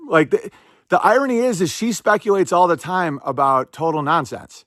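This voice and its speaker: Guy hosting a podcast, rambly and sarcastic, kinda high voice, dry close mic. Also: expressive, fairly bright tone, dry recording. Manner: rambling, sarcastic, quick asides. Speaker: podcast host. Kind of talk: casual commentary.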